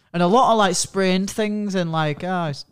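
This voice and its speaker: A man in casual podcast chatter, his voice sitting high for a man. He talks in animated, sweary bursts and laughs easily. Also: clear, resonant tone. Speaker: podcast co-host. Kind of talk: casual chat.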